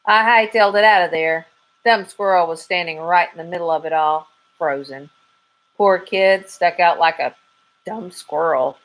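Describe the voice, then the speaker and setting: A woman teacher reads a children's storybook aloud with a soft, expressive touch. Her voice sits fairly low for a woman. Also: normal speed, rough recording. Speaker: 3rd grade teacher.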